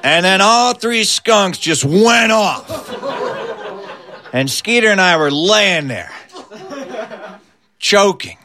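A man telling a comic story, animated and building to his punchlines. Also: high-pitched, slow pace, pauses often, a crowd in the background.

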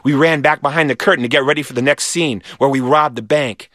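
A man reading a children's story aloud in a lively, animated way. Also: mid-range voice, fast, no room sound, studio quality.

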